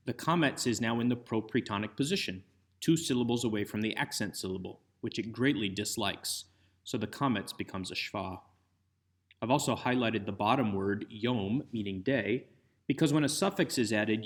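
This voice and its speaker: A man with a low voice delivers a recorded grammar lecture over slides. He walks through each point methodically, step by step, like an instructor going over a chart. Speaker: Hebrew instructor.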